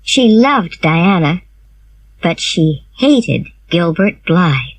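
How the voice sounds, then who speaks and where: A woman reading a graded storybook aloud in a slow, clear and expressive storytelling manner. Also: on the low side, rough recording. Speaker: reader. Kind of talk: graded reader narration.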